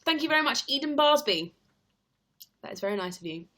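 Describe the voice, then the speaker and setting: A woman's voice: high voice, animated, a little fast, a bit bright. A young woman chatting casually on a livestream, rambling and answering viewer comments. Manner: chatty and rambling, heavy use of "like". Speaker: stage actor and livestreamer.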